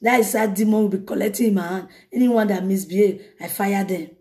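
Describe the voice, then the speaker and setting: A woman evangelist preaching a lively sermon, telling a story dramatically. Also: mid-range voice, a little fast. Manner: animated, laughing, dramatic retelling.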